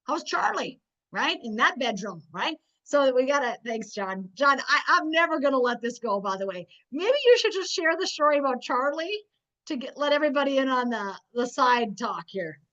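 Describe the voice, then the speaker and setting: A woman with a high voice hosts a team sales call, coaching with energetic, preachy conviction. Her audio comes through dull and lo-fi, as on a video call. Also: moderate pace. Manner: energetic, preachy, drops to a near-whisper at times.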